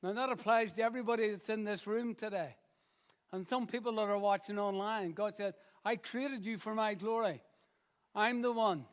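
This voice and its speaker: A middle-aged man preaching a sermon in church, earnest and repetitive, slowing down to stress phrases. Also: high voice, steady tone, smooth. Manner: earnest, repeats phrases, slow emphatic pauses.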